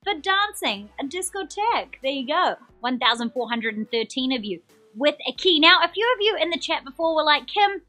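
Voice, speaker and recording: Bubbly high-voiced woman with a New Zealand accent. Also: animated, a little fast, sharp tone. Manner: upbeat, chatty, reads out viewer comments. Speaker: quiz show host. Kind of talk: live-streamed trivia hosting.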